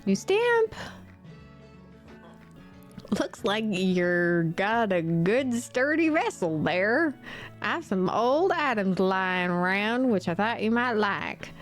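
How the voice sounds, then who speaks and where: Gruff-friendly old sea dog with a salty put-on accent, teasing and hearty, voiced by a woman. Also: huge pitch swings, takes it slowly, pauses often, darkish tone, soft background music, exaggerated voice. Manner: put-on salty sailor accent, booming and playful. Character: jovial old male sailor, hearty and teasing.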